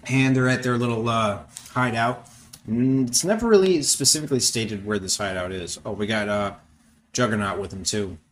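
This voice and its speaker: A young man talks through a movie in loose, offhand commentary. His voice sits at an ordinary middle pitch, and his speech rambles with frequent fillers and casual swearing. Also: moderate pace, a bit bright, a little hiss or hum. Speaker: podcast host reacting to a film.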